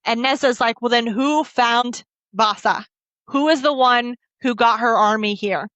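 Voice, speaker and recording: A woman's voice: on the high side, unhurried, fairly bright tone, no room sound. A woman co-hosting a book podcast, retelling a fantasy novel's scenes in a casual, emotional way and quoting the characters' lines. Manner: emotional, laughs and chokes up while recounting. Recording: dull lo-fi dry audio.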